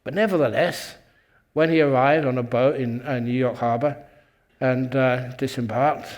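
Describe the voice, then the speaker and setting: A man's voice: mid-range voice, fairly even intonation, moderate pace. Playful storytelling monk, a man. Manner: playful, chuckles at his own jokes. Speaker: Buddhist monk and meditation teacher. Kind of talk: humorous storytelling talk.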